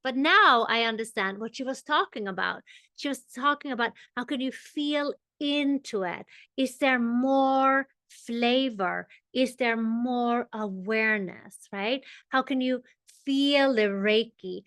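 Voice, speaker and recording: A woman teaching a meditation class, explaining ideas in an unhurried way and checking in with her listeners. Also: on the high side, fairly bright tone, no echo. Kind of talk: spiritual teaching.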